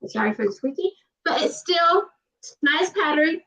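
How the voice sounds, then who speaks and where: A woman's voice: high-pitched, lively intonation, sharp tone, a little hiss or hum. A woman from Georgia with a Southern accent, talking emphatically in casual chat as host of a livestream. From Georgia, USA. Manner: fast, emphatic, repeats herself. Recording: distant, dull livestream audio.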